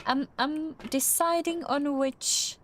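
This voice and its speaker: A young woman with a non-native English accent talks her way through a game, slow and unhurried, a little high in her register. She trails off often, restarting sentences and leaning on fillers as she searches for the English words. A faint hiss of background noise sits under her voice. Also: steady tone, fairly bright tone. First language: not English. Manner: hesitant, many fillers and restarts. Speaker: streamer. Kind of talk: casual gameplay commentary.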